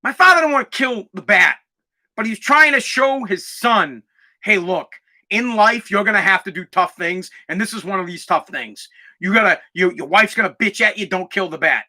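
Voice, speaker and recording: A man's voice: high-pitched, expressive, normal speed, pushed and bright. A young man hosting a podcast, telling stories in a brash, profane, emphatic way. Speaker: podcast host. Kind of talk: casual storytelling chat.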